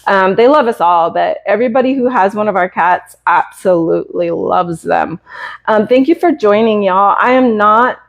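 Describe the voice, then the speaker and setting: A woman in her fifties from the United States, a cat breeder on a live stream, telling a hard personal story in a halting, earnest, emotional way. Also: mid-range voice, vocal fry, dull audio. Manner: halting and earnest, with many hesitations. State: emotional, close to tears.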